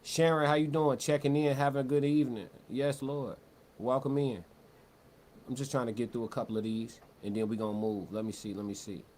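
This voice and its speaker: A man's voice: mid-range voice, fairly even intonation, fairly quick, darkish tone, a little hiss or hum. Slangy male livestream commentator, talks loose. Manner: loose, conversational, repeats words and restarts, slangy. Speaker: livestream host. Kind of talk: live-stream commentary, reading chat.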